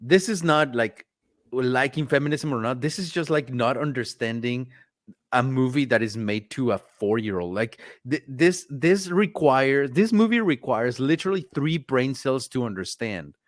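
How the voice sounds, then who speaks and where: A man's voice: mid-range voice, lively intonation, normal speed, no echo. Sarcastic man rambling in a dry room. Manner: sarcastic, rambling with many fillers. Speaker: host. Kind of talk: casual chat.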